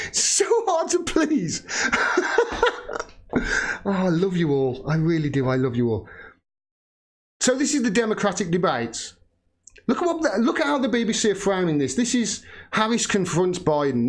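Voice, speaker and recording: A British man in his forties holds forth on a live political stream in a fairly high voice, angry and sweary, breaking into laughs now and then. He talks straight to his viewers as the host. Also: sing-song, fairly quick. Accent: British English. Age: 40s. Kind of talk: livestream political rant.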